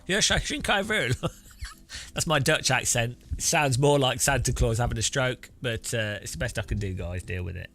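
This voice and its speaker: A man's voice: medium pitch, normal speed, a bit bright. Rambling man streaming a game. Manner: rambling, with many restarts and chuckles. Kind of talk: casual gameplay commentary.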